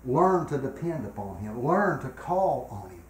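An older man preaching a revival sermon in a church, swinging between loud, emphatic exhortation and quiet personal storytelling. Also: medium pitch, sing-song, a little slow, a little hiss or hum. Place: church sanctuary. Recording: echoey church room.

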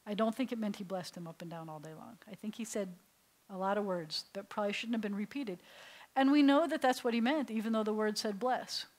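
A middle-aged woman rabbi leads a beginners' class in a synagogue classroom. Her voice sits at an ordinary middle pitch, and she tells stories at an easy teaching pace. She often turns to the room with questions. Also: fairly quick, a little mellow, rough recording. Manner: storytelling, asks the class questions. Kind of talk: classroom lecture to adult learners.

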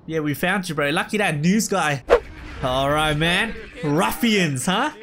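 A man giving casual, excitable gameplay commentary, full of slang and shouts at the game. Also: on the high side, measured pace. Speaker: let's play gamer. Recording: loud game music underneath. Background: game music.

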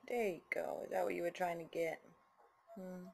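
A woman talking baby talk to her pet bird at home, cooing and sometimes dropping to soft whispers. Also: lowish voice, steady tone, moderate pace, creaky, slight background noise.

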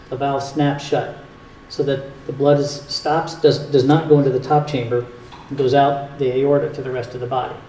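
Brief: male doctor with a Northern US accent, mellow tone, plain and patient, recorded from a distance in a roomy hall. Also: medium pitch. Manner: plain, patient explaining with dry jokes. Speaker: cardiologist giving a talk. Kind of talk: explanatory health talk with audience Q&A. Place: community hall at a retirement home. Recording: echoey hall, distant mic, faint hiss.

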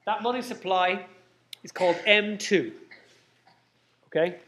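A man with a high, light voice lectures a room of students. He keeps checking in with "okay?", says the main points twice and throws in joking asides. His voice sometimes drifts back from the mic in the lecture hall. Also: unhurried, fairly bright tone, a little hiss or hum. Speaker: university lecturer. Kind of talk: live lecture.

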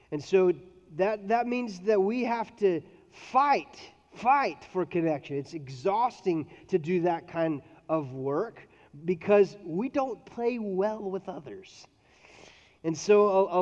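A man's voice: sits high, warm tone. A man preaching a sermon as pastor, in a playful, joking storytelling manner. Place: church auditorium. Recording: dull sound with long hall reverb.

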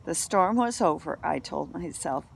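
Slow, gravelly woman reading aloud. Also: on the low side, lively intonation, slight background noise. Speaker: reader. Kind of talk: reading a children's novel aloud.

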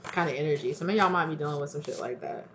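A woman's voice: deep voice, racing, a bit bright, muffled recording, a little hiss or hum. A woman giving a casual tarot reading, talking in a loose, chatty way and acting out what friends might say. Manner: chatty, acts out quoted friends with lots of "like". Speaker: tarot reader.

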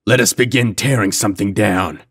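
A man's voice: on the low side, normal speed, vocal fry, breathy edge. A man doing a snarling brutish giant pirate.

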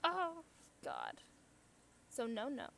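A woman's voice: high voice, wildly swooping pitch, very slow, vocal fry, a bit bright. A young woman thinking aloud as she plays a puzzle game, chatty, gasping and squealing at what happens on screen. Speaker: gamer. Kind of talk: casual let's play commentary.

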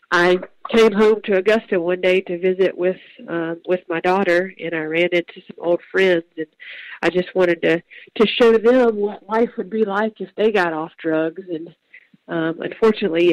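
A young woman from Georgia, telling her personal testimony in an earnest, halting way with pauses and restarts. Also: lowish voice, no room sound, low-quality recording.

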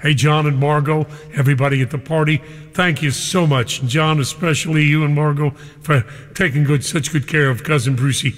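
Older male radio DJ, playful and chummy, slightly high voice with a long echo tail. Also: fairly even intonation, moderate pace. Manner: exuberant, chummy, playful banter. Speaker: radio disc jockey. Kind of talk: live radio show hosting.

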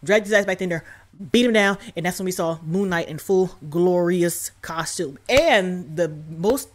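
A young woman hosting a casual reaction video, talking in an animated, slangy way and laughing often. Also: fairly low pitch. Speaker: YouTube reaction host.

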